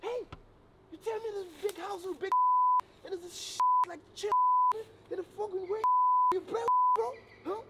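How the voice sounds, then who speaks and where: A man's voice: very high-pitched, normal speed, long pauses, heavy background noise. A man filming a joking complaining vlog, whiny and slangy, calling everyone "bro" and mixing in French words.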